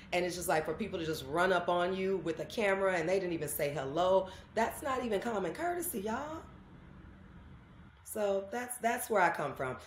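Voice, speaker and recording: A woman's voice: fairly low pitch, a little hiss or hum. A woman, chatting as an interview guest and acting out the people in her stories. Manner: animated storyteller, acts out quoted voices. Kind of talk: casual interview chat. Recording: echoey room.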